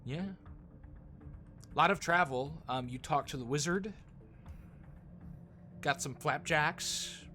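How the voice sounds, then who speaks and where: A man running a tabletop game as dungeon master, talking casually and haltingly with frequent ums. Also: on the high side, sharp tone, faint music behind. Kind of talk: tabletop game session chat.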